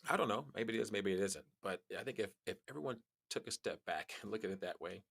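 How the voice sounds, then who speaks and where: A man with a low but bright, forward voice tells stories on a podcast. His pitch leaps way up whenever he acts out a line, and he laughs and restarts his sentences as he goes. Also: fast talker, creaky, husky. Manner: animated storyteller, jumps high in pitch on quoted lines; frequent restarts and laughs while talking. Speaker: podcast guest. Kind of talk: storytelling in casual conversation.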